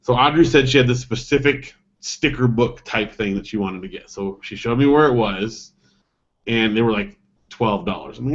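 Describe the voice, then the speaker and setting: A man's voice: medium pitch, moderate pace. A man in his thirties, a dad, casually telling a story on a podcast, rambling and acting out the voices of people in it. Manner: rambling, acts out dialogue with animated voices. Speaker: podcast co-host. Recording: dull lo-fi podcast audio.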